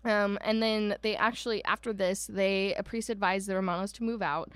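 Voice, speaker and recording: A woman's voice: medium pitch, fairly even intonation, normal speed, clean tone, dry recording. Chatty woman, dry close sound. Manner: chatty storyteller, many "um"s and asides, mock voices for quoted people. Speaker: podcast co-host. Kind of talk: casual chat about a haunted house.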